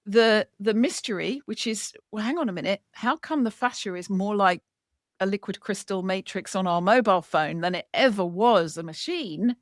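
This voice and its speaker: A woman author being interviewed, talking in a lively, chatty storytelling way. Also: medium pitch, normal speed, no echo, clean studio sound. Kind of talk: casual chat.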